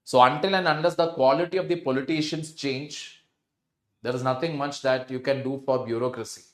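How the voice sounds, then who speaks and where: A man's voice: medium pitch, steady tone, a little fast, reverberant. A male teacher with an Indian English accent lecturing, switching between Hindi and English and putting rhetorical questions to the class. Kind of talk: recorded lecture.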